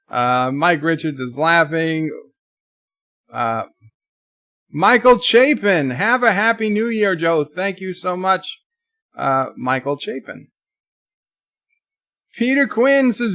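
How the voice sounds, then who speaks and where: A man's voice: a little high, bright, forceful tone, no echo, clean studio sound. Man reading chat on a livestream. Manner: reads chat messages aloud and answers them. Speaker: livestream host. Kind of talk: casual livestream chat, reading viewer comments aloud.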